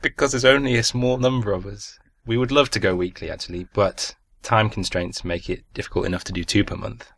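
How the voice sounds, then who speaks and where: A man presents a podcast's feedback segment and sign-off. His voice sits a little low, and the recording is dry, with no room sound. He reads scripted lines at an easy, relaxed pace. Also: brisk, gravelly, hardly any pauses, breathy edge, no echo. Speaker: podcast host.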